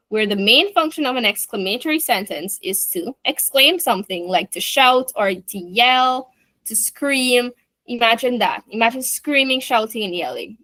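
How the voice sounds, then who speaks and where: Bright-voiced woman teaching an online class. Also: a little high, no room sound. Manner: explains step by step with chatty asides.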